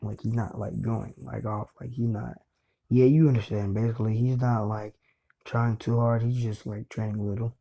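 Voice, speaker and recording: A man's voice: fairly low pitch, level tone, moderate pace, gravelly, dark tone. A young man casually retelling a fan story in a rambling way. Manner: rambling, full of fillers and restarts. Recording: dull lo-fi recording.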